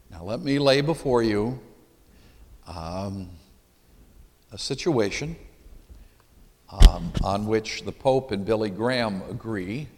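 Male preacher, emphatic sermon delivery, questions the congregation, long hall echo. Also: low voice. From Michigan, USA.

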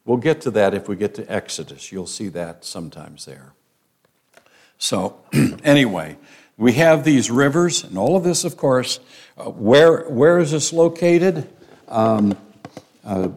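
An older man teaches a small Bible class in an unhurried, chatty way. He often hesitates with ums and restarts his sentences as he explains. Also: mid-range voice, animated, darkish tone. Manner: conversational, many ums and restarts.

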